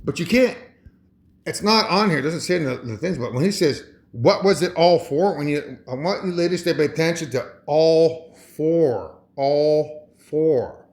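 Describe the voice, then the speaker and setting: Rambling, chuckling man with lively pitch. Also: normal speed. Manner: rambling, chuckling often, restarting phrases. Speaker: vlogger. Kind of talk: rambling monologue.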